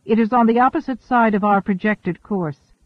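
A man reading the lines of a calm, precise male starship computer in an audiobook. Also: sits high, no echo, pitched above the performer's own voice, natural voice. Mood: calm, informative. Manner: measured, informative. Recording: thin phone-like dry audio.

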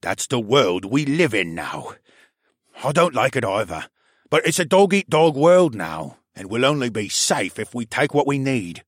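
A man voicing a gruff, spiteful older male pub owner who rants and growls at people. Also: medium pitch, big pitch swings, unhurried, no echo, studio quality. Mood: coaxing.

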